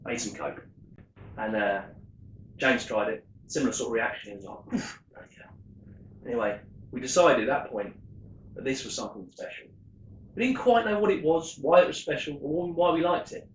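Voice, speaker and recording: A man, telling stories in a chatty, animated way on a rum tasting vlog. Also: mid-range voice, fairly quick, slight background noise. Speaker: rum vlogger. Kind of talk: casual tasting vlog storytelling. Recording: echoey room.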